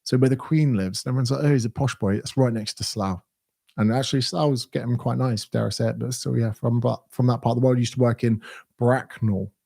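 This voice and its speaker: A man's voice: mid-range voice, steady tone, fast talker, vocal fry, dark tone. A man in his thirties with a southern English accent, a fitness coach answering viewer questions in a blunt, sweary, ranting way. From England. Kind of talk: casual Q&A livestream.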